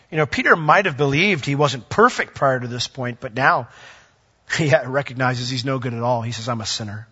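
A man's voice: medium pitch, fairly bright tone, husky, muffled recording. A man, a pastor, preaching a sermon in an earnest way, reading scripture aloud and adding light humor.

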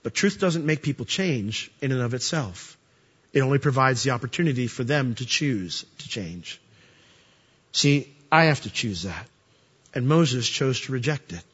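With a slightly high, husky voice and a sharp tone, a pastor delivers a chatty sermon, adding humorous asides and many rhetorical questions. The recording is dull lo-fi audio in a reverberant hall.

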